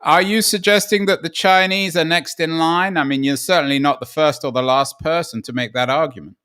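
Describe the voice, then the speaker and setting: Podcast cohost guy, fairly high voice, pokes at things with sly questions. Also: steady tone, fairly quick, bright, forceful tone, clean tone. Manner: probing, wry questioner. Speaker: podcast co-host. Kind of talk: casual discussion.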